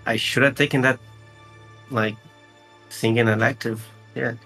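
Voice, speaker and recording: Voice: medium pitch, steady tone, a little slow, fairly bright tone, soft background music. A player in a tabletop role-playing game, talking casually and bluntly.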